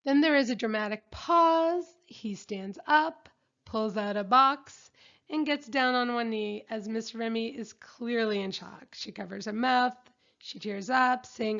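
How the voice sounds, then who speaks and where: A woman's voice: a little high, a little slow. A woman recapping a reality show episode in a chatty, opinionated way. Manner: chatty and opinionated, reads out quotes. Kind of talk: casual episode recap narration. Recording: dull lo-fi recording.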